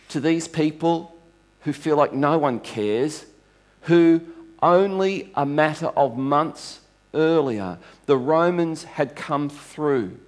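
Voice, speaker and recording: A male pastor with a mid-range voice preaches to a congregation, telling stories in a conversational way and restarting phrases as he goes.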